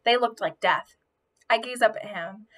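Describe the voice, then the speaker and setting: A woman reading a children's novel aloud, telling it in an expressive first-person voice. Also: on the high side, moderate pace. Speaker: audiobook reader.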